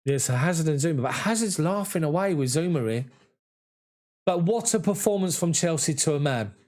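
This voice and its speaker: A man giving emotional, excited live fan commentary on a match. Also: a little high, moderate pace.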